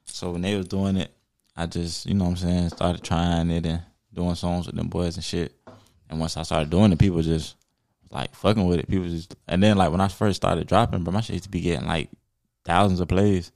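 A raspy young man, a hip hop artist, talking in a relaxed, rambling way with plenty of fillers in a casual podcast interview. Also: sits low, fairly quick, no echo, studio quality.

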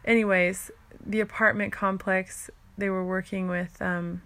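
A young stay-at-home mom tells her own story in relaxed, casual speech, at medium pitch and an unhurried pace with a noticeable gravelly fry. She's chatty, full of "like" and restarts, and keeps acting out what she and others said.

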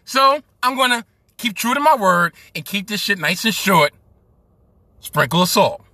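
Brooklyn podcast host, New York accent, profane sports rant, high husky voice, sharp edge. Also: male voice, very animated, measured pace, no echo. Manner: profane, heated ranting.

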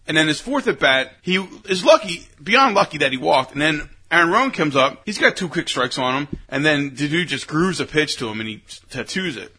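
Lively high-voiced man telling a story. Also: brisk, hardly any pauses, husky. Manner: animated storyteller, acts out quotes loudly. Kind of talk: casual banter, storytelling.

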